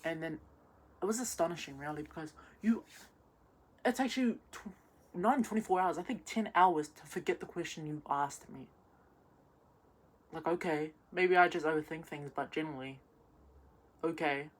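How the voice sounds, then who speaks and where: A woman's voice: sits low, normal speed, long pauses, slightly rough. A young woman, drunk, rambling through a messy personal rant with many restarts and stumbles. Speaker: vlogger.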